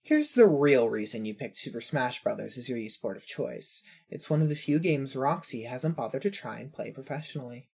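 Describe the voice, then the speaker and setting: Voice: mid-range voice, animated, normal speed, gravelly, few pauses, darkish tone, husky. A narrator reading second-person fanfiction in a wry, observant way.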